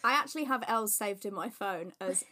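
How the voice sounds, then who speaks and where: A woman's voice: mid-range voice, fairly quick, pushed and bright. A woman co-hosting a casual podcast, chatty and rambling, gushing about her interests. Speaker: podcast co-host. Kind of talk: casual chat.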